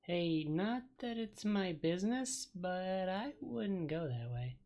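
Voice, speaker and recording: A man putting on a blunt, street-wise woman from a video game, his voice lifted well above its usual pitch. She talks briskly and gives friendly warnings. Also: lively intonation, a little mellow, full character voice.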